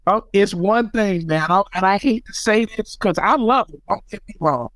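An American man, a beatmaker guest on a podcast, telling stories in an animated, emphatic way. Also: high voice, moderate pace, no echo, rough recording. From United States. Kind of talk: casual podcast chat.

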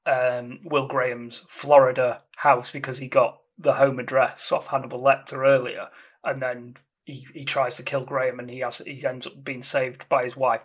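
A man talks through a film's story in a loose, rambling way. He stops to correct himself often and keeps adding details as he goes. His voice sits at an ordinary middle pitch. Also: fairly bright tone. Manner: rambling, self-correcting, explanatory. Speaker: podcast co-host discussing a film. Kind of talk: casual film discussion.

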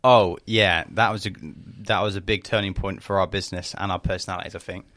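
Blunt, low-voiced man chatting. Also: fairly even intonation, fast, fairly bright tone, no echo, studio quality. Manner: blunt, swears casually, laid-back. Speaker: podcast co-host, business owner. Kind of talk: casual chat.

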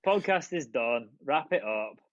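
A man's voice: mid-range voice, lively intonation, moderate pace, highs cut off, a crowd in the background. A man co-hosting a casual podcast, teasing the others with joking asides. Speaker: podcast co-host. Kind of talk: casual chat.

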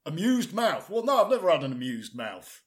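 A man's voice: on the high side, big pitch swings, moderate pace. A man co-hosting a podcast, chatting casually and jokily, rambling with lots of hesitations. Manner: jokey, rambling, hesitant with many fillers. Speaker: podcast co-host. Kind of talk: casual comedic chat.

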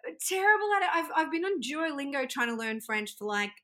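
A woman's voice: high-pitched, big pitch swings, fast talker, bright, forceful tone. A woman, a wedding singer, chatting casually and giggling in a podcast interview. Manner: chatty and giggly, with frequent restarts.

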